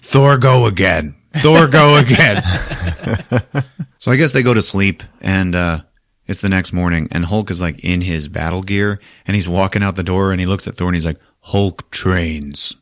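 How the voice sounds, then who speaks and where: A man's voice: deep voice, brisk, dry recording, studio quality. A man hosting a podcast, casually recapping a movie in a profane, laughing way. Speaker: podcast host.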